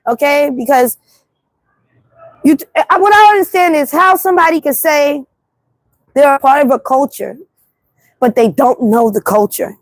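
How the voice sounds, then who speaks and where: Blunt, high-voiced New York woman ranting. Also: dry recording. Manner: animated, blunt, repetitive storytelling. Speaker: livestream host. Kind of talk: casual livestream monologue. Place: city street at night.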